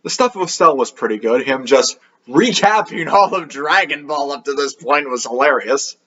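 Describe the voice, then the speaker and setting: A man's voice: fairly high pitch, moderate pace, bright, forceful tone, dull audio. A man hosting an anime review video, talking in a casual, offhand, rambling way with a sarcastic edge.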